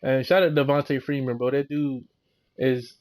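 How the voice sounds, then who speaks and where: A man's voice: mid-range voice, little pitch movement, normal speed, a little mellow. A young man ranting heatedly as a fan vlogger, slangy and repetitive. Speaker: sports vlogger. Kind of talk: casual fan rant.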